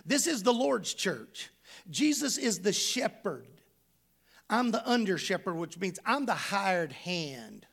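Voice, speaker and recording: High, gravelly-voiced man preaching. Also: big pitch swings, slow, fairly bright tone. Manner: emphatic, conversational preaching with rhetorical questions. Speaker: pastor. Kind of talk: sermon.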